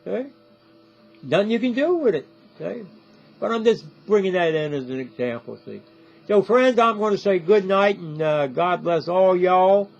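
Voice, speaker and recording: A man's voice: high voice, animated, moderate pace, gravelly. An older man giving a rambling direct-to-camera talk, repeating himself and often asking "See?". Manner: repetitive, keeps asking "See?". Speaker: video commentator. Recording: dull lo-fi audio with faint music.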